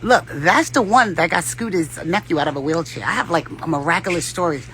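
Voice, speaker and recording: A woman's voice: lowish voice, fairly quick, a bit bright, a little hiss or hum. A woman vlogger giving rambling, profane spiritual advice in a casual talk, often laughing.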